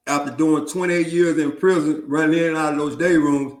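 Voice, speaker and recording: A man's voice: on the high side, steady tone, brisk. A man hosting an interview, asking questions and ending his points with "right?". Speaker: host. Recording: roomy echo.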